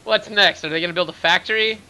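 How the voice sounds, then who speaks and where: A man casting a live video game match, getting loud and fast during fights. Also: poor audio. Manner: excitable, rising to high-pitched rapid calls in fights. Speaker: esports caster. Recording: faint background noise.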